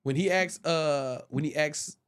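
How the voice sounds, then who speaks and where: A man guesting on a podcast, telling stories casually and jumping into loud, high voices when he quotes people. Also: measured pace, clear, resonant tone. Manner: animated, jumps into loud high voices when quoting people, restarts often. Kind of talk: casual storytelling. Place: podcast studio.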